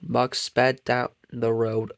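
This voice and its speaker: A man reading a children's picture book aloud in a gentle, expressive storytelling manner. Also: medium pitch, slow, creaky, dry recording. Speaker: narrator.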